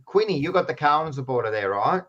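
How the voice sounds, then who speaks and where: An Australian man co-hosting a casual footy podcast, loud and teasing, swearing freely. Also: on the high side, animated, fast talker, dull audio. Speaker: podcast co-host.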